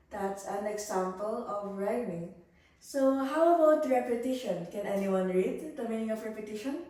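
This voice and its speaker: A young woman, a student teacher giving a demo English lesson, explaining slowly and praising pupils. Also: a little high, dark tone. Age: young adult. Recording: echoey room, voice far from the mic.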